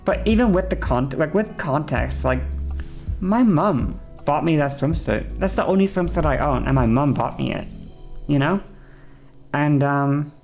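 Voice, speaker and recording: A woman's voice: deep voice, lively intonation, unhurried, darkish tone, faint music behind. A woman streamer talking casually and swearing freely, often adding "you know" as she chats with her viewers. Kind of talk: casual livestream chat.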